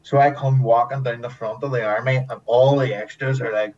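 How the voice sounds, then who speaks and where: A man's voice: medium pitch, brisk, hardly any pauses. Guy telling set stories, cursing a lot, sounds far off and kinda muffled lo-fi. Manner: lively storyteller, swears often, acts out quotes. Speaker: guest, former TV extra. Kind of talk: casual anecdote telling. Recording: distant mic, dull lo-fi sound, faint hiss.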